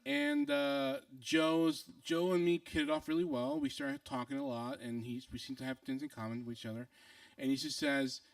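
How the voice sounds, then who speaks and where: Animated man telling a comic story. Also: high-pitched, moderate pace, gravelly, no room sound, recorded from a distance. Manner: animated, acts out other people's lines, many fillers and restarts. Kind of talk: comic personal storytelling to an audience.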